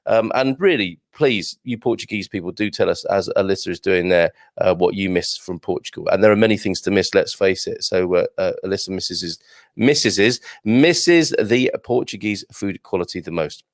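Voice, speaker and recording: A chatty man hosts a casual live stream from home, reading out viewer comments with self-deprecating humour. His voice has a gravelly, creaky edge, and the sound is dry and close. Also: sits low, moderate pace, dry recording. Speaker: livestream host. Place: home with builders working on the roof.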